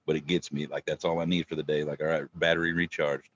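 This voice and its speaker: A man's voice: rumbling low, level tone, fast, fairly bright tone. A man chatting casually as a podcast guest, emotional and rambling, cursing freely. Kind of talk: casual chat. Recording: dull lo-fi remote line.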